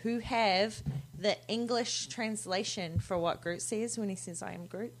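A woman's voice: mid-range voice, fairly even intonation, measured pace. A woman co-hosting a casual movie podcast, chatting in a laid-back, slangy way. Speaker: podcast co-host. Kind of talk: casual chat.

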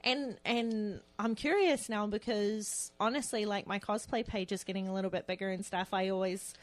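A woman's voice: mid-range voice, steady tone, moderate pace. Woman on a podcast, chatty storyteller, says like a lot, laughs easy. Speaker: podcast co-host. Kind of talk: casual chat.

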